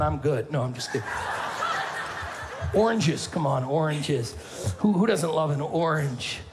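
A man preaching as a pastor in a playful, animated way, calling out to his congregation. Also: sits high, noisy background. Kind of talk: sermon.

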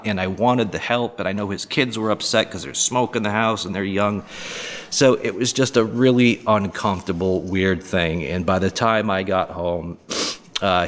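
A man casually telling a story alone on a podcast, rambling and swearing with lots of fillers. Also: fairly low pitch. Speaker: podcast host.

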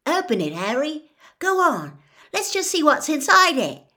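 An eager teenage boy, as a woman voices him in a storybook reading, pushy and excited. His voice jumps high with lively energy. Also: unhurried, full character voice.

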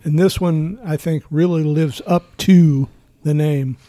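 A man's voice: on the high side, steady tone, slow pace, mellow, no room sound. A man on a casual bourbon tasting panel, making short, matter-of-fact remarks.

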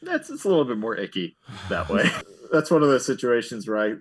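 A man on staff at a camp, chatting casually with relaxed, chuckling asides. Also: medium pitch, brisk, breathy edge. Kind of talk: casual podcast chat.

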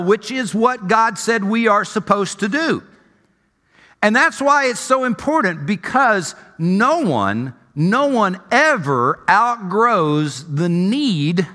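High, bright-voiced male pastor. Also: big-room sound. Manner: animated storytelling, conversational. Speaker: senior pastor. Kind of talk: sermon.

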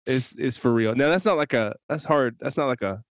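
Man, pastor co-host, casual chat, halting and rambling, dry close sound. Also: medium pitch, no echo. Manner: rambling, hesitant, laughs often.

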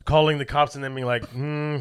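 A man's voice: a little high, wildly swooping pitch, a little fast, pushed and bright, dry recording, clean studio sound. A man co-hosting a podcast in casual chat, blunt and swearing freely. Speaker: podcast co-host.

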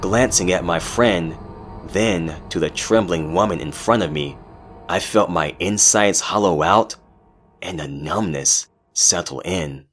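Man, horror narrator, deep voice, slow, dramatic, music underneath. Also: a bit bright. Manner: measured, dramatic storytelling. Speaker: narrator and host.

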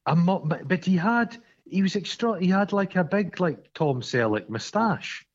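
A Scottish man co-hosting a podcast, telling stories in a sweary, animated way and acting out the quarrels in them. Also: high voice, normal speed, highs cut off. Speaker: podcast co-host. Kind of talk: casual chat.

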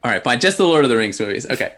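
A man hosting a podcast, telling stories in an animated, laughing way with lots of restarts. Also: mid-range voice, very fast. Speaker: podcast host. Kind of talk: casual storytelling chat.

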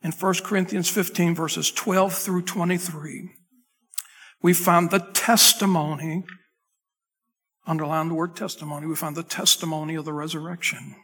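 A man with a slightly high, husky voice preaches from the pulpit into a microphone. His talk is loose and conversational, full of restarts and asides to the crew at the back. The sound carries a long reverb from the sanctuary. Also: level tone, moderate pace, sharp tone, soft background music. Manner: loose, chatty delivery with frequent restarts and asides to the tech crew. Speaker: pastor. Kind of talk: conversational sermon. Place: church sanctuary.

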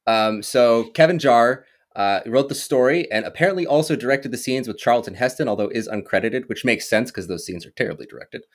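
A man's voice: mid-range voice, brisk, hardly any pauses. A man hosting a casual movie talk show, with an ordinary mid-range voice. He rambles, restarts his thoughts and laughs easily. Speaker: podcast host.

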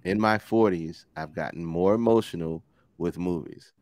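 Forties male co-host, low voice, lively and jokey, dry close sound. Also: normal speed, no room sound. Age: 40s. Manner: animated, joking, swearing, laughs often. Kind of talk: casual chat.

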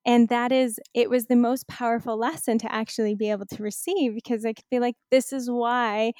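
A woman in her thirties with a somewhat high voice, recorded close and dry. She tells personal stories in a casual chat, acting out what other people said to her. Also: brisk, no room sound. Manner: storytelling, animated quoting of others. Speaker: wellness coach.

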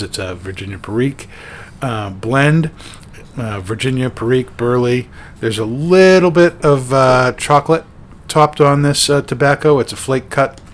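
A man's voice: medium pitch, slight background noise. A man hosting a casual chat show, rambling with many fillers and restarts. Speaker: podcast host.

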